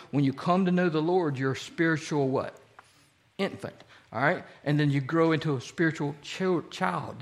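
A man with a slightly higher voice leads a casual, interactive Bible study. He keeps quizzing his group with fill-in-the-blank questions. His speech quickens whenever he gets excited. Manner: speeds up when excited.

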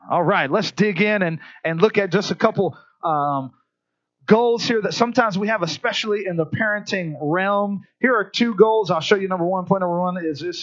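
High-voiced pastor preaching. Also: male voice, moderate pace, dull audio. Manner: animated storytelling, acts out voices. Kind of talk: sermon.

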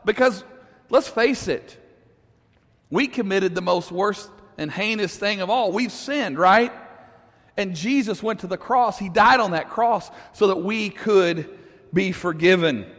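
A man with a high voice preaches to his congregation, and his voice rings out with the long reverb of a church hall. He tells his story casually, asks the room questions and chuckles along the way. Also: unhurried, fairly bright tone. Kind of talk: sermon storytelling.

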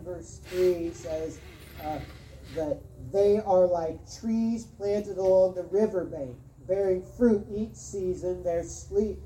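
A woman pastor giving a sermon, earnest and emphatic, often repeating words and pausing. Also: on the low side, warm tone, recorded from a distance, a little hiss or hum. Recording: roomy sound from off-mic.

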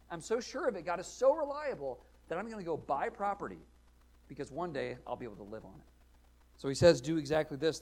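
A male pastor preaching a sermon, earnest and explanatory, rising to loud emphatic readings of scripture. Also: on the high side.

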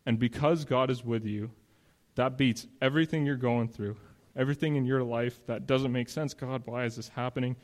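Male pastor, mid-pitched voice, relaxed conversational preaching. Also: moderate pace. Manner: conversational preaching with restarts and scripture reading. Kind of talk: sermon.

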